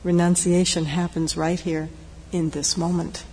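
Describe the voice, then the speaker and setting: Gentle woman giving a meditation talk. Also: fairly low pitch, flat delivery. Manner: gentle, reflective, unhurried with pauses. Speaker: meditation teacher. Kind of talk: dharma talk. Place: meditation hall. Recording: long hall reverb, faint noise.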